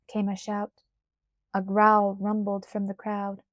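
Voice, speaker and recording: A woman narrating a children's storybook aloud, in a measured, gentle way. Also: medium pitch, completely flat delivery, dry recording, clean studio sound. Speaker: audiobook narrator.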